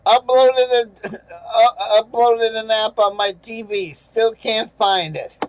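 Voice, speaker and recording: A man's voice: high-pitched, fairly even intonation, slow, dry recording, muffled recording. A man hosting his channel, reading viewer comments aloud and ranting about them in angry, profane, sarcastic casual commentary, with chuckles in between.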